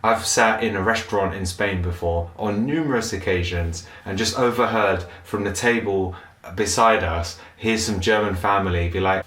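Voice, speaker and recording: A man's voice: fairly low pitch, moderate pace, a bit bright, echoey room. A man doing a sweary, mocking comedy rant to camera about annoying tourists. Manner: sweary, mocking, puts on brief voices of tourists. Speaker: comedic commentator.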